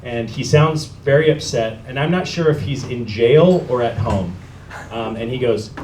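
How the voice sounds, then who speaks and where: A man's voice: medium pitch, unhurried, a little mellow. A man hosting a live storytelling night and telling a story on stage, laughing often as he goes. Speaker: event host and storyteller. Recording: echoey room, noisy live venue.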